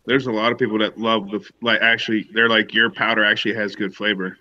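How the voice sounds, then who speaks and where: A man's voice: fairly low pitch, flat delivery, fast, sharp tone, muffled recording. A man co-hosting a livestream, teasing and laughing often. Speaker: livestream co-host. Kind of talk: casual livestream chat.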